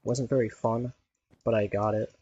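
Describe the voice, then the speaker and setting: A man's voice: on the low side, flat delivery, moderate pace, mellow, husky, dull audio. A man giving casual gameplay commentary, rambling and leaning heavily on "like" as a filler. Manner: rambling, heavy use of "like". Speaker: gaming video creator.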